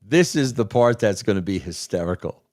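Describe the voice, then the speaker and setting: A man's voice: on the low side, animated, normal speed, darkish tone. A man co-hosting a casual wrestling talk show, emphatic and prone to repeating phrases for effect. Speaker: podcast co-host, former wrestling writer.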